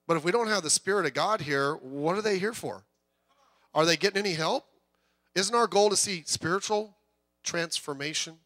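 A man's voice: high-pitched, fairly bright tone, no echo. A middle-aged man preaching a sermon in a conversational, joking way that swells into bursts of intensity. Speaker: pastor.

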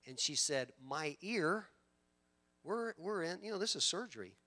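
Pastor guy preaching, bright punchy voice, gets loud then goes quiet. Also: sits high, big pitch swings, brisk. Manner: emphatic, swings between loud bursts and hushed storytelling. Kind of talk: sermon.

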